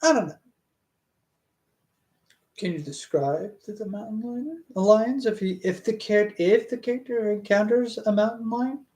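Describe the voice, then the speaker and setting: A streamer reads a fantasy novel aloud to a live chat at an unhurried, drawn-out pace. The reading keeps breaking into hesitant, rambling tangents with restarts and trailing asides, in a casual, conversational tone. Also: medium pitch, expressive, a little mellow.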